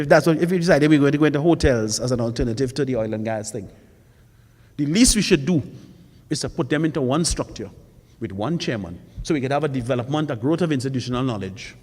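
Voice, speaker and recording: An emphatic man addresses a forum audience as a panelist, pressing his points with rhetorical questions and repetition. His mid-pitched voice carries a long reverb from the hall. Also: darkish tone. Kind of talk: public forum speech.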